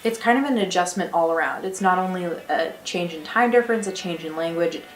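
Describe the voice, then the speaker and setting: A young woman from the United States chatting casually and cheerfully to her camera in a small attic bedroom, with quick laughs. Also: lowish voice, echoey room, soft background music. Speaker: exchange student vlogger. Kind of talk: casual vlog chat. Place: small attic bedroom with slanted ceiling and beams.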